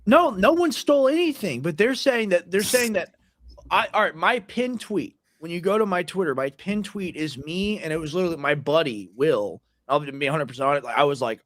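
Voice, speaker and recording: Male livestream co-host, somewhat high voice, rambly casual talker, dry close mic. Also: lively intonation, fairly quick, fairly bright tone, no echo. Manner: rambling, heavy use of "like" fillers.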